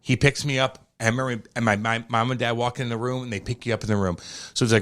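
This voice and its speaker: A young man with a St. co-hosts a podcast, talking fast in a medium-pitched voice. He swears freely and tells stories with lots of energy in casual chat.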